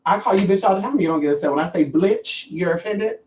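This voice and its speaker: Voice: mid-range voice, fast talker, slight background noise. Sassy livestreamer in a roomy space. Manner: sassy, animated, profane, calls listeners honey and girl. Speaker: livestream host. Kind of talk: casual livestream chat to viewers. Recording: roomy and distant from the mic.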